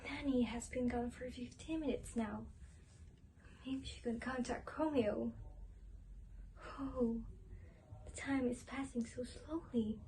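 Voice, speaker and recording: A woman's voice: high voice, a little hiss or hum, rough recording. A woman playing an impatient, lovestruck Juliet in an amateur school play. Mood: restless. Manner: impatient, pleading. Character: eager, lovestruck young Juliet.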